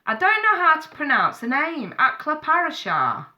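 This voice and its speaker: Woman, tarot reader on a live stream; bright, forceful voice, blunt and affectionate. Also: sits high, huge pitch swings, normal speed. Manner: chatty, calls viewers darling and sweetheart; blunt, frank advice with swearing.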